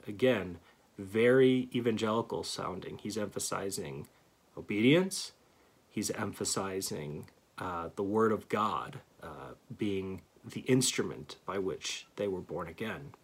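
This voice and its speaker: A man giving an earnest theology lecture, stressing key words and pausing to restart phrases. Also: on the low side, breathy edge. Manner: earnest, emphatic, reads scripture aloud with pauses and restarts. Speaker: Christian teacher.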